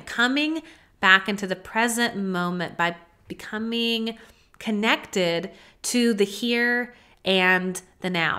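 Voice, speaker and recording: Speaking at a medium pitch, a podcast host records alone in her home office, offering a mindfulness monologue. Her coaching is gentle and relaxed, sprinkled with "like" and "you know," and her voice softens whenever she models self-talk.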